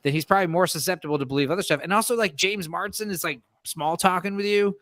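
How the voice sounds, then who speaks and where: Animated high-voiced man retelling a show. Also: fast talker, no room sound. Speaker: podcast co-host. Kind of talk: casual chat.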